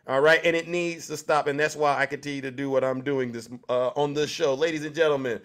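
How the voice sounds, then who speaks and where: Sex: man. Pitch: high. Role: show host delivering a mocking monologue. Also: fairly even intonation, brisk, heavy background noise. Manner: mocking, rhetorical questions to the audience.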